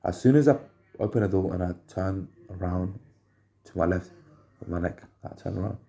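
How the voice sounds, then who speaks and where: Very low, gravelly man telling stories. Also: mellow. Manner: halting, repeats phrases as he searches for words. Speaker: storyteller. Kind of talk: rambling personal anecdotes. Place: at home.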